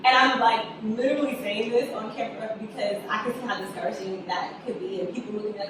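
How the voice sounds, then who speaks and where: A woman's voice: fairly high pitch, fairly quick, hardly any pauses. A young adult woman, a guest writer and director, chatting casually in an interview, telling stories animatedly and acting out quotes with frequent laughs. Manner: animated storyteller, acts out quotes, laughs often. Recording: echoey room, distant mic, background noise.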